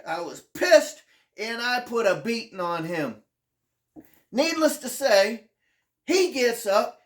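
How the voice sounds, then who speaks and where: A channel host telling a personal memoir in an earnest, halting way, often restarting sentences and sounding emotional, close to tears at times. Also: mid-range voice, fairly bright tone, roomy sound.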